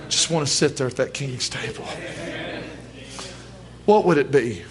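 A male preacher delivers a sermon to a church congregation. He talks in a folksy, plain-spoken way and leans hard on his emphasis. His voice sits at an ordinary middle pitch for a man. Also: a little slow, pauses often. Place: church service.

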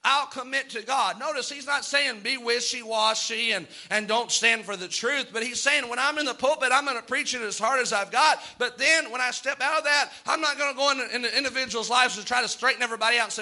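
Man preaching a sermon in church, high voice, real bright, earnest and fired up at times. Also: fairly quick. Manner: earnest preaching, rising to fervent outbursts. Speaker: pastor.

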